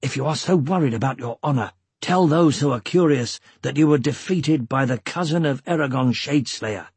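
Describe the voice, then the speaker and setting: A man voicing a tough, determined young male leader in a storybook reading, with a low growling tone. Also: moderate pace, darkish tone, husky, dry recording. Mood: firm.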